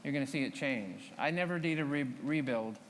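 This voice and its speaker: A man's voice: mid-range voice, a little fast, big-room sound, a little hiss or hum. Man giving a conference coding talk. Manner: relaxed, explanatory, addresses the audience directly. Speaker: conference speaker. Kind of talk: live coding demo talk. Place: conference hall.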